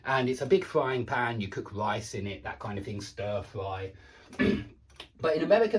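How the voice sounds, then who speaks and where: A man with a British accent talks through an English pronunciation lesson in a relaxed, chatty way. His pitch swings up and down a lot as he repeats words slowly to show how they sound. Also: rough recording. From United Kingdom. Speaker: English teacher.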